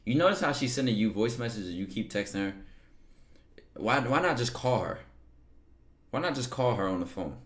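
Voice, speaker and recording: A man hosting a stream and reading viewers' messages aloud in a loose, blunt, slangy way, often breaking into loud disbelief. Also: medium pitch, expressive, moderate pace, long pauses. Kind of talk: casual commentary reading DMs. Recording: echoey room.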